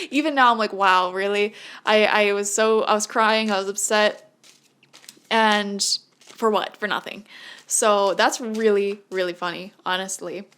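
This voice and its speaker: A young woman giving a casual, chatty tarot reading who laughs often and breaks into lively, high-pitched asides. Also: slight background noise. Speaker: tarot reader.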